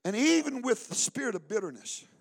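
High-pitched shouting man preaching a sermon. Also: very animated, brisk, creaky. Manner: alternates shouted exhortation with low storytelling; calls out to the congregation by name. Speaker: pastor. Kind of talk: fiery preaching at a church service.

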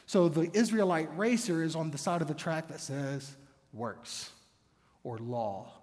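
Preacher asking rhetorical questions in a reverberant hall. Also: male voice, on the high side, a little mellow. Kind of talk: sermon. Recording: long reverb of a church hall.

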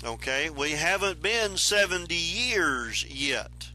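A man teaching the Bible verse by verse in an unhurried, explanatory way, reading passages aloud and then commenting on them. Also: fairly high pitch, animated, bright, forceful tone, soft background music.

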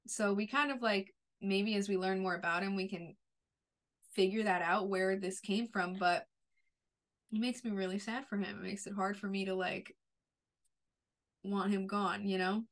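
A woman's voice: mid-range voice, steady tone, normal speed, long pauses. A woman co-hosting a podcast, chatting casually and gushing about a TV episode, with many "like" fillers. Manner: emotional, gushing, frequent "like" fillers. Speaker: podcast co-host. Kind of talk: casual TV recap chat.

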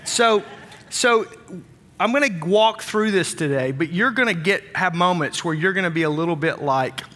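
A pastor from Wisconsin leads a church service with a bright, forceful voice that sits a bit high for a man. He jokes and banters with the congregation before moving into his sermon. The sound carries a long reverb from a large church auditorium. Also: lively intonation, normal speed. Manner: upbeat, joking with the congregation. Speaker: senior pastor.

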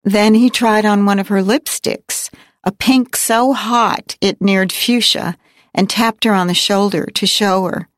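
Slow, measured woman narrating a novel. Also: medium pitch, steady tone, no echo, clean studio sound. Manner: measured, wry, reflective. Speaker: audiobook narrator. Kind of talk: first-person audiobook narration.

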